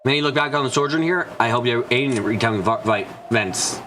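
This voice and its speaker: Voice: medium pitch, fast, background noise. A let's play streamer gives casual, rambling commentary over a visual novel, swearing often. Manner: gushing, rambling, heavy swearing. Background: game music.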